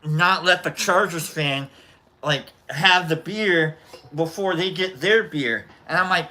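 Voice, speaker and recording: Bright-voiced man telling rowdy stories. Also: a little high, slow. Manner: animated, joking, acts out quoted voices with loud yells. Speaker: livestream host. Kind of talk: casual storytelling chat.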